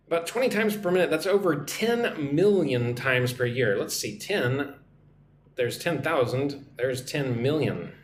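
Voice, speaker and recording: American man teaching English live. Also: medium pitch. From United States. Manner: drills pronunciation slowly, asks "right?" constantly. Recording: echoey room, faint background noise.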